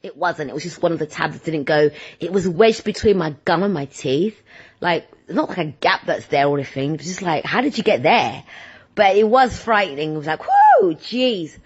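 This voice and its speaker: A woman vlogger telling everyday stories in a rambling, animated, self-deprecating chat. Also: low voice, fairly quick, breathy edge. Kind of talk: casual chatty monologue. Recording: dull lo-fi sound.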